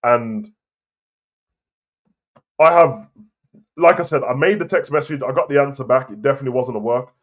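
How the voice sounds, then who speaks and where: A man's voice: mid-range voice, normal speed, long pauses. Heated man ranting about wrestling. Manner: heated, repetitive, argumentative. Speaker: wrestling commentary host. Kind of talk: casual opinion rant to camera.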